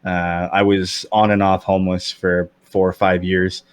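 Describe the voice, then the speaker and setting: Deep-voiced man with a slight lisp. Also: flat delivery, measured pace, clean tone, no echo. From Canada. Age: 30s. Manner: rambling, candid, many fillers and restarts. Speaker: podcast guest. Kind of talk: casual chat.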